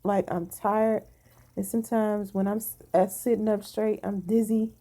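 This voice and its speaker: Blunt, tired woman with a mellow voice. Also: mid-range voice, little pitch movement, moderate pace. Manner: blunt, emphatic, swears freely. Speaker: vlogger. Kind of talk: casual venting to viewers.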